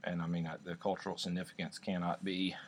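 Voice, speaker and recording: A man with a fairly low voice talks casually over a beer, rambling and joking. He restarts his sentences often and keeps an easy, conversational pace. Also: little pitch movement, quick pace, noisy background. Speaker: podcast co-host. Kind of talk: casual chat.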